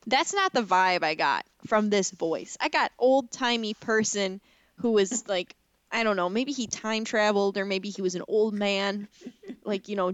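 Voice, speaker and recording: A woman's voice: mid-range voice, no room sound. Chatty woman, dry close sound. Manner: chatty, animated storytelling with playful indignation. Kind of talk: casual movie chat.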